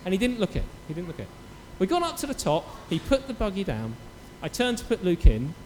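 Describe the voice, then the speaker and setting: Man, church preacher, animated sermon storytelling, bright high pitch, faint room ambience. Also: brisk, long reverb tail, a little hiss or hum. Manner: animated storytelling with acted quotes. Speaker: pastor.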